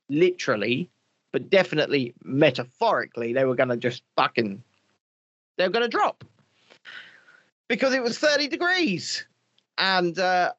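A man hosting a live stream, his pitch on the high side and swinging up and down as he chats and swears freely. The sound is dry and a little dull, with no room around it. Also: measured pace, long pauses, dry recording. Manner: swears freely, animated and chatty. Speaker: live streamer reading chat. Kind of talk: casual live stream chat.

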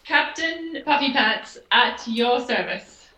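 A woman's voice: fairly high pitch, expressive, slow, pushed and bright, reverberant, recorded from a distance, exaggerated voice, poor audio. A woman playing a cheerful, sly pirate captain in an improvised comedy, breezy and teasing. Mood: boastful. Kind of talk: improvised comedy role-play.

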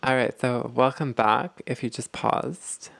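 Guy hosting an advice podcast, bit of vocal fry, talks it through, repeats himself. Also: mid-range voice, steady tone, measured pace, a bit bright, no echo, studio quality. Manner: explanatory, repeats words while thinking. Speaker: podcast host. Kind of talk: casual self-help podcast talk.

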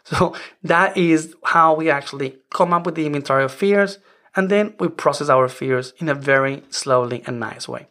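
Non-native English-speaking male podcast host in his forties, earnest and rambling, with a fairly high voice. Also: normal speed, fairly bright tone. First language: not English. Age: 40s. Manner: earnest, rambling with many "I mean" restarts. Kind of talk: casual self-help podcast monologue.

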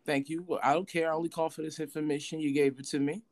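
A woman guest reacting in casual chat with quick interjections, often laughing. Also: deep voice, level tone, a little mellow. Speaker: podcast guest.

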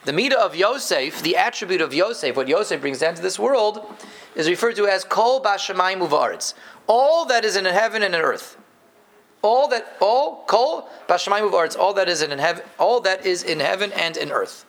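Animated man teaching a Torah class. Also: normal speed, vocal fry. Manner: animated, emphatic, jumps between loud stresses and low asides; playful, jokes with the class. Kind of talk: live Torah class to a group.

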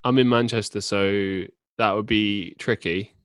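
A man's voice: fairly low pitch, fairly even intonation, a little slow, smooth, no room sound, studio quality. A man who is a podcast guest, haggling in a playful way and laughing often as he chats. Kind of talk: casual podcast chat.

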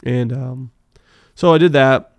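A man telling animated, profanity-laced car racing stories as a podcast guest, full of fillers. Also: medium pitch, unhurried, no echo. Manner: animated, swears freely, many fillers. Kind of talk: casual storytelling interview.

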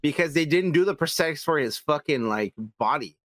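Podcast guy ranting, lively voice, swears a ton, dead dry sound. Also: on the high side, brisk, no room sound. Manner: emphatic, heavy swearing, repeats "come on, man". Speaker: podcast co-host. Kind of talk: casual chat.

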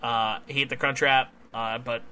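A young man co-hosting a wrestling podcast, recapping a match in casual, excitable chat, swearing and laughing often. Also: medium pitch, moderate pace, a little hiss or hum.

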